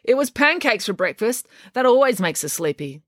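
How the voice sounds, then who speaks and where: A woman voicing a cheeky, teasing boy in a storybook reading, raising her voice higher than her own. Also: very animated, moderate pace, dry recording, clean studio sound.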